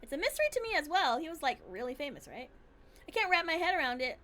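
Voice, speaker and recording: A woman's voice: sits high, sing-song, fast, bright, forceful tone, slight background noise, heavily acted. A woman voicing a hesitant, flustered teenage girl. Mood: unsure.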